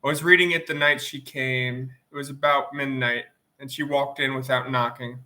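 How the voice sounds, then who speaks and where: A man reading a novel aloud in plain, steady first-person narration, sniffling from allergies. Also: medium pitch, normal speed. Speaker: audiobook reader.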